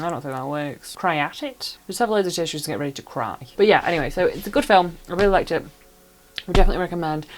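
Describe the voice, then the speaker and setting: A woman giving a casual, animated spoken review of a film and joking about herself along the way. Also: deep voice.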